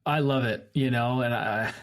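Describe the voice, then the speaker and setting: A man's voice: medium pitch, fairly even intonation, moderate pace, a little hiss or hum. Affirming male podcast host. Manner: reflective, affirming. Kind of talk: casual interview chat.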